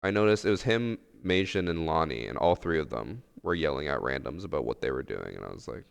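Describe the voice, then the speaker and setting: Deep, gravelly male game streamer. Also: expressive, fairly quick. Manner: laid-back, rambling, filler-heavy. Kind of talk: casual live-stream chat. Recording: long room reverb.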